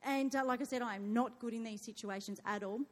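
A woman's voice: fairly high pitch, fast talker. A woman, telling a dramatic personal story to an audience and acting out her own panicked cries. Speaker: speaker sharing a testimony. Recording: long hall reverb.

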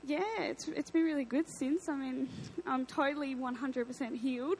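A young woman with a high voice tells her testimony at a church service. She speaks emotionally and haltingly. Nervous laughs break up her phrases. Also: fairly even intonation, darkish tone, slight background noise, rough recording. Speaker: church member giving a testimony. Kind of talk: personal testimony.

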